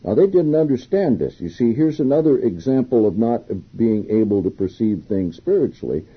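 This lo-fi clip has a man with a very husky, mid-range voice delivering a Bible exposition sermon. He reads scripture aloud, lifting his voice emphatically on the quotes, then comments on it, very animated and at a moderate pace.

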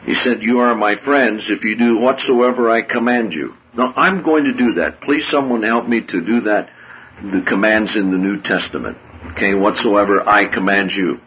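A man preaching a sermon with a husky voice, swinging from hushed low passages to loud, high-pitched outbursts. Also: moderate pace, lo-fi sound, slight background noise.

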